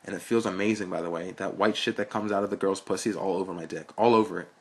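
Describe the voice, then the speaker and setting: A man's voice: sits low, steady tone, quick pace, husky. A young man reading a story aloud in a frank, blunt, profane way. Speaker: narrator.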